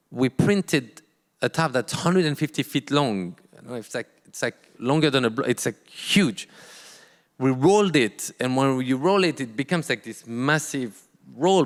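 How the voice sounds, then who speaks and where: A man, a guest artist telling a story on stage, halting often and acting out quoted dialogue. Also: medium pitch, long reverb tail. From France. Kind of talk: storytelling in a live talk.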